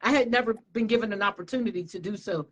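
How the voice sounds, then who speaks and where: A woman talking casually as an interview guest, relaxed and slangy, with frequent fillers and restarts. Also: mid-range voice, quick pace, rough recording. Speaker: interviewee, media studio owner.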